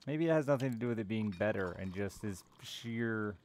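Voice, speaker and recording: A man's voice: on the low side, expressive, normal speed, darkish tone. A man streaming a game live, chatting casually with viewers in a sardonic, teasing way and swearing freely. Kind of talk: casual gaming stream chat.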